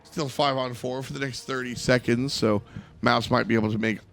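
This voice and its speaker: A man casting an esports match play-by-play, excitable and rising to shouts at big plays. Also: mid-range voice, moderate pace, vocal fry, soft background music. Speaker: play-by-play caster. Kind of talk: esports commentary.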